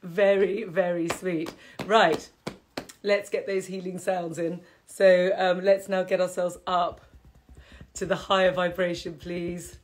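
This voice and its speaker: A woman's voice: fairly low pitch, flat delivery, unhurried. Woman, middle-aged, qigong host, chatty and rambling, laughs a lot, casual live class. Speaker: qigong teacher and health host.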